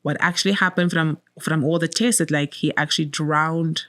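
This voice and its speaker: A middle-aged woman with a somewhat low voice tells a painful personal story as an interview guest. She speaks from the heart, repeating key words for weight and quoting her own prayers. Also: fairly even intonation, normal speed, a bit bright. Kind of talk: emotional personal testimony.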